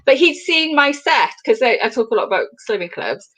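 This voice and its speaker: A woman, telling a cheeky story in casual chat. Her voice sits fairly high and leaps about with a lot of life. She is bawdy and full of asides. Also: expressive, fairly quick, fairly bright tone. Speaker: comedian guest.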